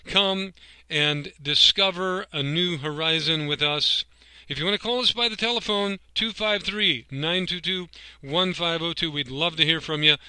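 Man, radio announcer, upbeat, high voice, dry studio sound. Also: sharp tone, clean tone, no room sound, rough recording. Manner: upbeat, friendly promotional delivery. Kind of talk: scripted sponsor announcement.

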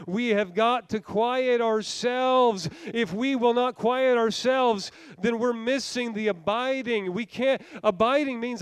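Male pastor, high clear voice, fervent sermon with repeats, dry close sound. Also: unhurried, hardly any pauses, no echo. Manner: fervent, self-deprecating preaching with repeated phrases.

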